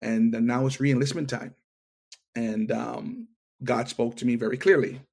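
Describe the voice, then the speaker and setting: A man's voice: mid-range voice, unhurried, gravelly. A middle-aged man in an interview, telling his testimony and acting out the lines of the people in it. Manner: animated storyteller, acts out dialogue. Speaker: interview guest.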